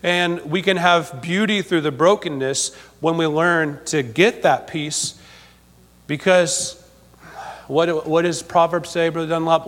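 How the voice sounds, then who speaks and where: Preacher in a reverberant church. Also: male voice, a little high. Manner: emphatic, repeats himself, asks congregation for amen. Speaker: pastor. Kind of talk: sermon. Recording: long hall reverb.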